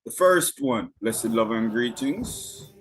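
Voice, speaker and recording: Man, camp leader, relaxed and cheerful delivery. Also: mid-range voice, slow pace, husky, faint music behind. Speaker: camp instructor. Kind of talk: casual group address.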